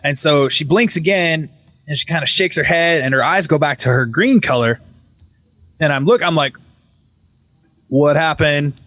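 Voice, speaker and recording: A man on a casual podcast call telling a ghost story, swearing freely and acting out the quotes with lively energy. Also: on the high side, moderate pace, long pauses, no room sound. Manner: profane, animated retelling with voiced quotes. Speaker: podcast guest. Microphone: video call.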